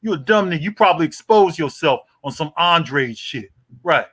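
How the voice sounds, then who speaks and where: A man's voice: fairly high pitch, animated, normal speed, a bit bright. A man in his forties hosting a boxing livestream, taunting a rival in a profane, repetitive rant. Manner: taunting, profane, repeats "boy" and "you hear me". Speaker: boxing YouTube host.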